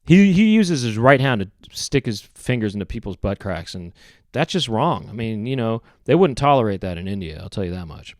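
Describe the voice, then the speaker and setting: A man with a lowish voice talks on his podcast in a meandering, deadpan comic monologue. He keeps correcting himself and wandering off topic. The sound is dry and close, with no room behind him. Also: moderate pace, dry recording. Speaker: podcast host. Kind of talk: rambling comedic monologue.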